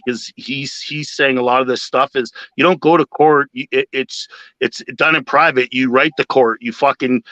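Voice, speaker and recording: Mężczyzna w swobodnej rozmowie panelowej, mówi chaotycznie i z wahaniem, często przeklina i wtrąca "uh". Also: male voice, on the high side, bright, forceful tone, dry recording, highs cut off. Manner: rambling, hesitant, swears often, many fillers. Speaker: panel guest. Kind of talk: casual chat.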